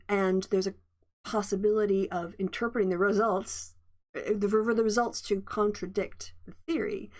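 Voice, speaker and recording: A woman hosts a relaxed lecture on her own channel. She reads passages from a textbook and keeps stopping to explain and comment in a chatty way, with restarts and asides. Her voice sits at an ordinary middle pitch. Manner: chatty, thinks aloud, many asides and restarts. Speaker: host. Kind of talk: casual lecture reading from a textbook.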